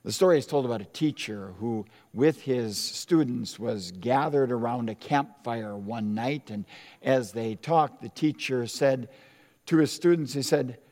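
Slow, deliberate preacher in a reverberant hall. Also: male voice, mid-range voice, darkish tone. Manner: deliberate, emphatic preaching with dramatic pauses. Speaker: pastor. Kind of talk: sermon.

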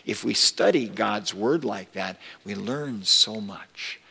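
A man preaching a sermon as pastor, slow and deliberate, rising with emphasis when quoting scripture. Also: on the low side, creaky, sharp tone, slightly rough, big-room sound. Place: church sanctuary.

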